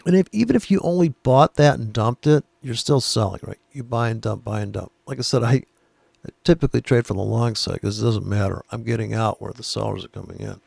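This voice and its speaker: A man's voice: medium pitch, a little fast, vocal fry, darkish tone, breathy edge, no echo. A man giving casual chart commentary, blunt and profane, rambling with sarcastic asides. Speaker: trading educator.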